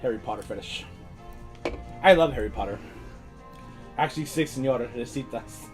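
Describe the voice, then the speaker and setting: A man's voice: mid-range voice, normal speed, soft background music. A young man co-hosting a casual show, teasing his friend in a playful way. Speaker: podcast co-host. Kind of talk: casual chat.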